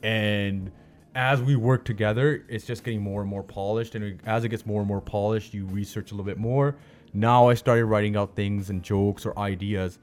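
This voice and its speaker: A man's voice: on the low side, fairly even intonation, moderate pace, darkish tone. A man from Canada, a comedian and chef, telling stories as a guest in a casual interview, loose and slangy with many restarts.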